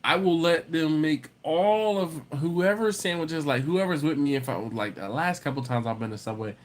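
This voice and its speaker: A man's voice: on the high side, moderate pace. A man hosting a barbecue live stream, chatting casually, reading viewer comments and joking with them by name. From lives in Baltimore area, not from there. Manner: animated, jokey, greets viewers by name.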